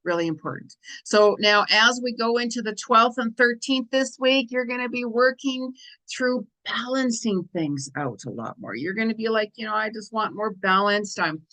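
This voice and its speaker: A woman's voice: fairly high pitch, normal speed, fairly bright tone, poor audio. A middle-aged woman hosting an astrology and tarot show, talking casually with lots of repetition and "you know" and "right?" fillers, a little tired from lost sleep. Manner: chatty, repeats phrases, frequent "you know" and "right?". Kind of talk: casual spiritual monologue.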